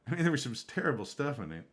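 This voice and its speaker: A man streaming a game, chatting casually and rambling from one topic to the next. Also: medium pitch. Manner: rambling, conversational. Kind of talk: casual live-stream chat.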